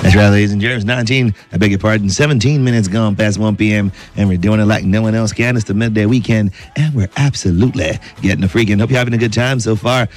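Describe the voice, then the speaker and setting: A joking Nigerian radio host, a man with a voice of middling pitch who reads listener messages with playful rhymes and teasing. Soft music runs under his studio chat. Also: fast, few pauses.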